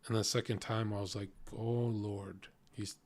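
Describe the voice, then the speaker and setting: A man's voice: on the low side, fast talker. Blunt, profane male streamer telling a story. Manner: profane, blunt, animated retelling.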